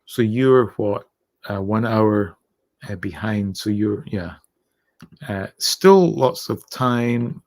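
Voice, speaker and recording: A Scottish man with an accent softened by years abroad, hosting a late-night livestream and reading out viewer comments in a rambling, halting way. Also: on the low side, expressive. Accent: Scottish, softened by years in North America. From Scotland. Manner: rambling, halting, lots of uh and restarts, thanks viewers. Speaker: livestream host.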